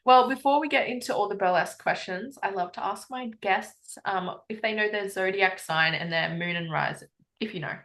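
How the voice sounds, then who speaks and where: A woman's voice: mid-range voice, normal speed, fairly bright tone. A woman hosting a podcast, chatting casually with a guest in a giggly, enthusiastic way. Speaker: podcast host.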